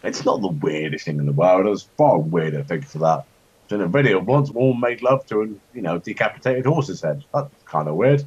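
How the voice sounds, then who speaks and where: A man chatting and joking while playing a strategy game, rambling, with sudden high-pitched outbursts. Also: animated, brisk, darkish tone, slightly rough. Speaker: co-host of a gaming chat show. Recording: dull lo-fi home recording.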